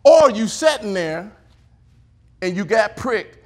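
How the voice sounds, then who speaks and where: A male preacher giving an animated sermon, leading the congregation to repeat after him and shouting at the high points. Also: slow pace. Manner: animated, call-and-response preaching, shouting at peaks.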